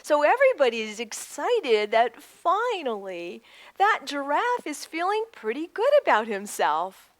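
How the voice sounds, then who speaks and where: A woman with a high voice reads a picture book aloud to children at an unhurried pace, pausing for animated lessons and asides. The recording has no echo.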